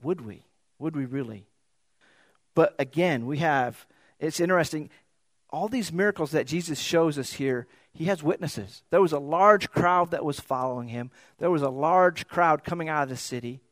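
A man's voice: fairly high pitch, normal speed, a bit bright, dry recording. Conversational male preacher, dry sound. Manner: conversational, storytelling, repeats words when searching. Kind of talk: sermon.

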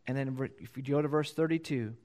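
A pastor preaching a sermon, reading scripture aloud and repeating key phrases for emphasis. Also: male voice, brisk. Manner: reads scripture louder and higher, then drops low to explain.

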